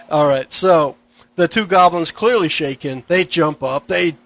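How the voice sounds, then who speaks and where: A man runs a tabletop game in a relaxed, chatty way. His voice sits a little high for a man, and he fills pauses with ums and easy laughs. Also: gravelly. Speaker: game master.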